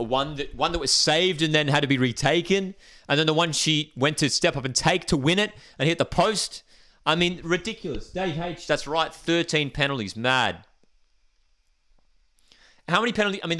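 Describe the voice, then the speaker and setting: An excitable man, hosting a live watchalong stream and reading viewer comments aloud. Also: on the high side, normal speed. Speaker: livestream host.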